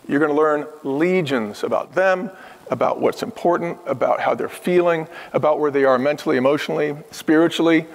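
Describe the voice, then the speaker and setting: In a conversational podcast interview, a guest in his fifties who formerly ran restaurants as chief executive tells stories with earnest emphasis. He acts out those he quotes, his voice a little high. The sound has a long hall reverb.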